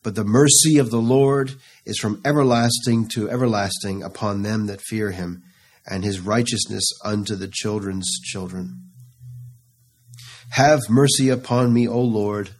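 A man preaches in a low, unhurried voice, reading scripture aloud. He builds into fervent, pleading passages as he quotes the psalms. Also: steady tone, darkish tone. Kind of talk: sermon.

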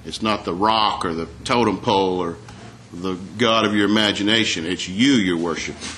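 Low-voiced man preaching a sermon. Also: a bit bright, slight background noise. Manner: conversational preaching with rhetorical questions to the congregation; reads scripture aloud in a slower, raised voice.

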